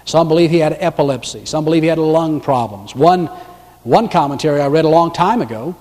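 Preacher man in a reverberant hall. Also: fairly high pitch. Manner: dramatic swings between loud emphasis and hushed, slow delivery. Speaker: pastor. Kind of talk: sermon.

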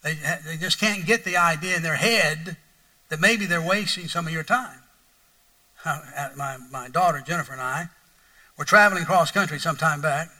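A middle-aged man preaching with a notably high, very bright voice, the pastor spins a folksy story full of repetition. He flares into mock outrage now and then. The voice is picked up from some distance. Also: normal speed. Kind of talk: sermon storytelling.

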